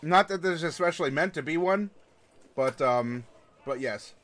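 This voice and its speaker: Sarcastic guy reading rules out loud, kinda high voice, lots of ums. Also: lively intonation, moderate pace. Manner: sarcastic, rambling with fillers. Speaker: host reviewing a game rulebook. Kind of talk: casual read-along review.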